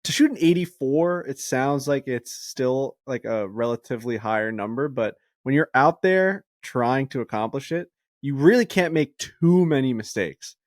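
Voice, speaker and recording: A man's voice: medium pitch, moderate pace, dry recording, studio quality. A man co-hosting a golf podcast in casual chat, telling stories and acting out the people in them. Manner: animated storyteller, acts out quotes. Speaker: podcast co-host.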